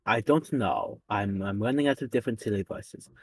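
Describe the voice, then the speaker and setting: A man's voice: on the low side, normal speed, husky, no room sound. A man with a British accent in casual stream chat, teasing dryly and playfully.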